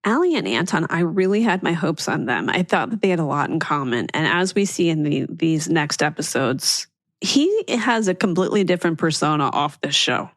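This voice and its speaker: A woman's voice: sits low, animated, normal speed, no room sound, studio quality. A woman podcast host from the Philadelphia suburbs with a light local accent, chatting casually and laughing often. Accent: Philadelphia area. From Chester County, Pennsylvania. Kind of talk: casual chat.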